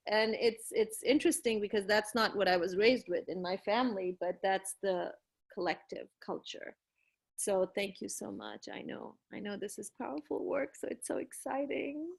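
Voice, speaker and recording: A woman's voice: medium pitch, vocal fry, breathy edge. A woman hosting a live online stream, effusive and encouraging, reading viewer comments aloud with frequent fillers.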